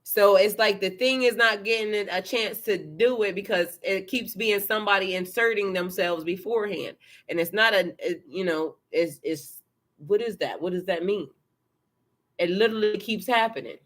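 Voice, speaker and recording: A tarot reader doing a casual live card reading, excitable and chatty, swearing freely and talking to viewers and a helper. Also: mid-range voice, normal speed. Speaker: tarot reader and spiritual coach.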